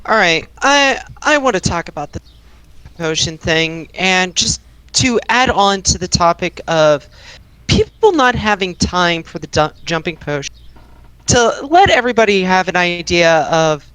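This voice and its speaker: A woman calling in to a show with a smooth, clear, fairly low voice. She starts out hesitantly and restarts her sentences. The sound is dry and close. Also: expressive, measured pace, fairly bright tone, no echo, low-quality recording. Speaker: caller. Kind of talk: casual call-in talk.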